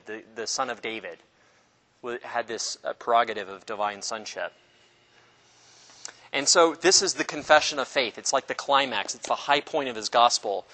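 A man teaching an informal Bible study class, animated and joking, acting out the people in the stories. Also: mid-range voice, moderate pace, in a large hall. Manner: animated, jokey, acts out voices of people in the story.

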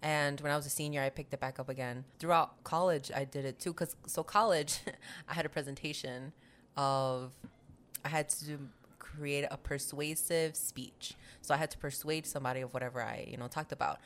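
A woman's voice: sits low, steady tone, moderate pace, fairly bright tone. A young woman co-hosting a casual podcast, telling stories animatedly, acting out other people's voices and laughing often. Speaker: podcast co-host. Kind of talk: casual chat.

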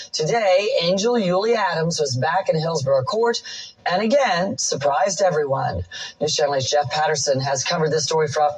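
A woman anchoring a local news broadcast, reading in a crisp anchor style. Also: sits low, low-quality recording.

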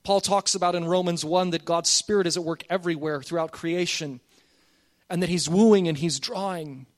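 A man's voice: on the high side, moderate pace. A man preaching a sermon as pastor, earnest and emphatic, calling on the congregation to repeat after him.

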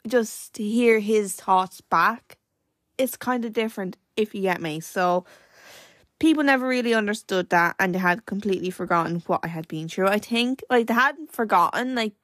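A woman's voice: medium pitch, dry recording. Irish teen girl, dry close voice. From Ireland. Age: late teens. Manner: hesitant and reflective, full of fillers and restarts. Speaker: podcast host. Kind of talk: personal podcast monologue.

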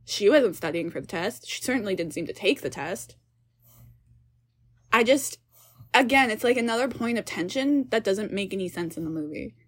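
A young woman co-hosting a casual film review chat, animated and exasperated, swearing casually as she picks apart the plot. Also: mid-range voice, normal speed. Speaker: podcast co-host.

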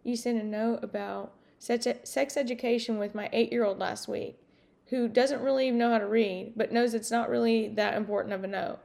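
A woman's voice: on the high side, steady tone, moderate pace, gravelly, a little mellow. A woman hosting her podcast in a casual monologue, rambling and outspoken, swearing freely. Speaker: podcast host.

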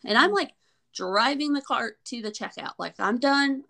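A young woman co-hosting a podcast, telling a story in an animated, exasperated way. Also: fairly high pitch, moderate pace, creaky. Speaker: podcast co-host. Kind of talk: storytelling in casual chat.

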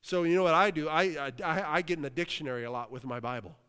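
This sermon comes from a fast-talking Western Pennsylvania pastor whose smooth, resonant voice runs a bit high for a man. He exclaims hallelujah between points and repeatedly asks the room if it's following along, all echoing with the long reverb of a big hall.

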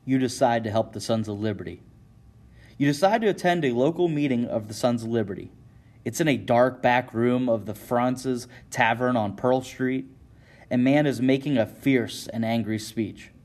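A man's voice: mid-range voice, normal speed, darkish tone. A man giving dramatic scripted narration of an interactive story, addressing the listener directly. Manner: dramatic second-person storytelling.

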